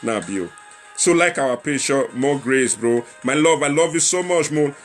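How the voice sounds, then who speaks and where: A man's voice: medium pitch, animated, moderate pace, soft background music. A young man with a Nigerian accent hosting a casual livestream talk show, chatting and repeating himself as he appeals to viewers and slips into Pidgin. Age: young adult.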